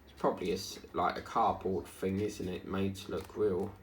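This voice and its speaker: A man's voice: low-pitched, flat delivery, normal speed. A man vlogging as he does his diamond painting, chatting in a rambling, chatty way. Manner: rambling, chatty, hums and sings snippets. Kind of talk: casual chat while crafting. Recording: echoey room with faint noise.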